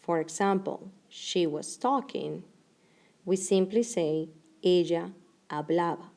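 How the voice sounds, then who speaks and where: A woman teaching a recorded grammar lesson, explaining clearly and slowing down for each example. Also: on the low side, warm tone. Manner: clear, measured explanation with slow deliberate examples. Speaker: Spanish teacher.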